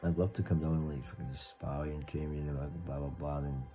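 Guy rambling at the camera, swears a lot, deep mellow voice. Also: steady tone, fairly quick, soft background music, low-quality recording. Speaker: vlogger. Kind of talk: casual chat to camera.

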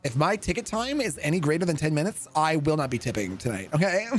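A man putting on a pompous self-styled businesswoman in a game role-play, and she talks down to people. Her voice swings widely in pitch and sits at a middle height, with faint music behind. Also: sing-song, a little fast. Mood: haughty. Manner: haughty, then shrill and panicky. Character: brash self-important female influencer, easily panicked. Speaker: streamer playing a character.

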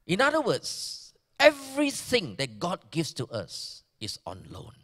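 A Malaysian male pastor preaches in a bright, high, very lively voice, taking his time over each phrase. He moves from loud emphasis to hushed, almost whispered asides. The sound carries the long reverb of a church hall. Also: unhurried, few pauses, breathy edge. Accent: Malaysian English. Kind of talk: sermon.

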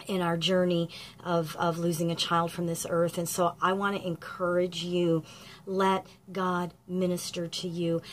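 A woman giving an earnest, gentle devotional message of encouragement to grieving parents, with frequent ums as she retells a scripture story. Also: lowish voice, slight background noise. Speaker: grief ministry speaker.

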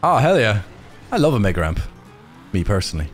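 A British man hosting a gaming session with friends, excitable, laughing often and muttering at his own play. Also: fairly low pitch, brisk. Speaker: gaming channel host. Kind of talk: casual gaming banter. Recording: game music behind voice chat.

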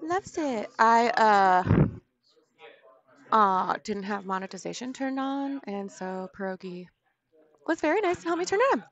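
A woman hosting a livestream, bubbly and giggly, thanking viewers in quick bursts. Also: medium pitch, expressive, a bit bright. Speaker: livestream host. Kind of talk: casual livestream chat. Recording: muffled lo-fi stream audio.

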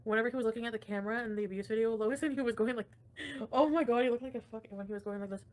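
A woman's voice: a little high, rapid-fire, darkish tone. A young woman hosting a casual livestream, ranting with frequent swearing and laughter while reading chat comments. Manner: profane, ranting, laughs often. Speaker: livestream host.

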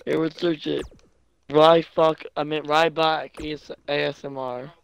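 A man's voice: a little high, little pitch movement, unhurried, vocal fry, smooth, dry recording. Crude, mocking young male streamer. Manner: loud, crude, mocking, laughs often. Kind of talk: casual live-stream commentary.

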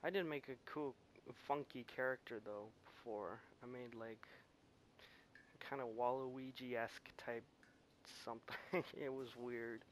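A man's voice: medium pitch, steady tone, unhurried, slight background noise. A young man rambling casually and self-deprecatingly while playing a video game at home. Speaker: gamer.

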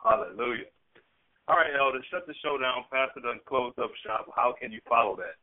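A man from Michigan calling a religious radio show, emotional and excited, repeating his praise. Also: medium pitch, brisk. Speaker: caller. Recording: tinny phone line.

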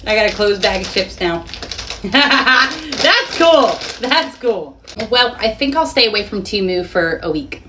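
A woman in her thirties, a mom chatting casually and excitably through a shopping haul, laughing easily. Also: medium pitch, moderate pace, recorded from a distance, a little hiss or hum.

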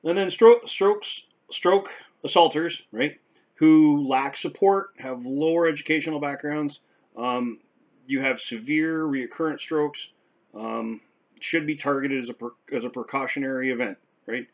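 Sharing his experience as a stroke survivor, this man speaks to camera without a script, pausing and restarting, and ending sentences with "right?" in a conversational way. His voice sits on the high side, and the lo-fi recording sounds slightly dull.

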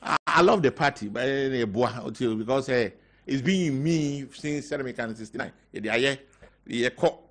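An older man with a Ghanaian accent, talking as a guest on a talk show, halting and mixing in local words. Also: medium pitch. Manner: halting, mixing in local words, growing loud when telling a story. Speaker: guest party member. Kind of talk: casual talk show interview.

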